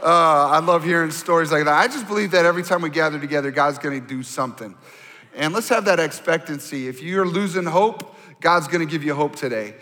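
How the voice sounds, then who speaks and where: Pastor de voz aguda y brillante, con mucho eco de sala. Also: male voice, fairly high pitch, a little fast. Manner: animated, conversational preaching with audience prompts. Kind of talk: sermon. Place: church sanctuary. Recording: long hall reverb.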